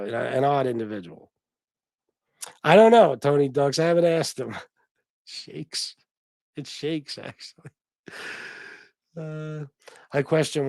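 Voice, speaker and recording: A man's voice: mid-range voice, darkish tone, no echo. A man hosting a casual livestream, reading out donations and chat comments, rambling and swearing freely with many restarts. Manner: rambling and profane, with frequent restarts. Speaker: livestream host.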